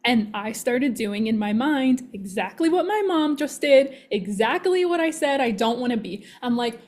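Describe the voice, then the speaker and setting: A woman who works as a manifestation coach, telling an animated story in casual podcast chat and acting out her own thoughts. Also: a little high, moderate pace, few pauses.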